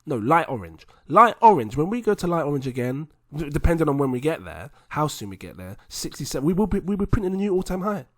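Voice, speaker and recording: A man hosting a video, talking viewers through charts in a chatty, animated way. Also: a little high, fast talker, hardly any pauses, no echo. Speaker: crypto video host. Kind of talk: casual chart commentary to viewers.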